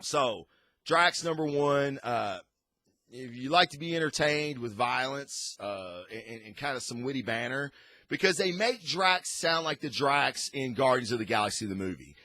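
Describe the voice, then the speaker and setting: A man's voice: medium pitch, expressive, moderate pace, bright, forceful tone, no echo. A man hosting a casual comic book review, rambling and enthusiastic with frequent restarts.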